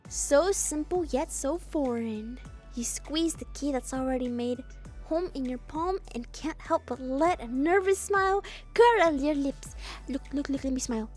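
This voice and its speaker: Woman streamer, high and bright-toned, reads a story game aloud with playful asides; soft music under her. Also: a little slow. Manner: playful, expressive, jokes at her own reading.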